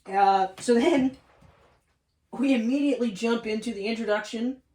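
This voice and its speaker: A man co-hosting a casual movie review podcast, talking excitedly, swearing freely and acting out scenes in quoted voices. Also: extremely high pitch, normal speed. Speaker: podcast co-host. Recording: roomy room, far from mic.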